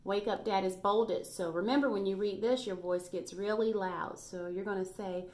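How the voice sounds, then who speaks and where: A woman's voice: mid-range voice, steady tone, normal speed, a little mellow. A woman teaching a recorded reading lesson to first graders, patient and praising as she spells out letters.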